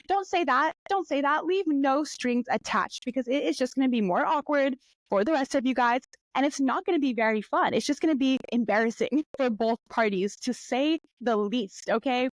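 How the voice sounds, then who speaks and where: A young woman hosting a podcast, chatting and telling stories in a lively way, often jumping up into high voices when she quotes people. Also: a little fast, no echo. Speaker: podcast host. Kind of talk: casual solo podcast storytelling.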